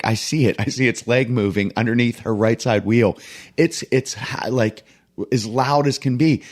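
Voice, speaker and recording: Man telling a lively story. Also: mid-range voice. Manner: animated storyteller, acts out quoted voices, laughs while telling. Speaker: coach and podcast co-host. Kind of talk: casual storytelling chat.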